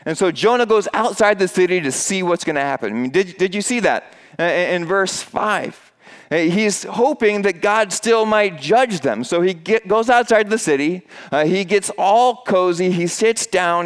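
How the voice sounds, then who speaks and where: A man preaching a sermon in a church. He talks to the congregation in a conversational way, with fillers, restarts and asides. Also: clean tone. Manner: acts out quoted voices in a raised pitch. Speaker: pastor. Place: church with a screen behind him.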